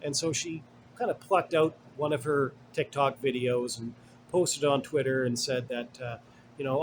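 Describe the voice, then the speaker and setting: Man, mid-pitched, casual solo commentary host. Digressive, filler-heavy, blunt and sarcastic. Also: steady tone, moderate pace, slight background noise. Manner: rambling and digressive, many fillers and asides.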